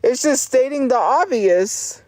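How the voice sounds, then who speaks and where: A woman's voice: sits high, expressive, measured pace, darkish tone, no echo. A woman livestreamer ranting at her chat in a profane, insistent and defiant way, repeating her points over and over.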